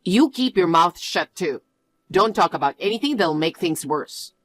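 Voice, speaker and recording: A woman's voice: fairly low pitch, lively intonation, normal speed, no echo, natural voice. A woman voicing a defensive, bossy young man who has lost his job, in a story told through acted dialogue. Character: irritable young adult man, a jobless fiancé.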